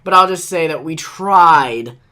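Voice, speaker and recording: Male podcast host, sharp bright tone, dry joking banter. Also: fairly high pitch, a little slow. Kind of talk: casual chat.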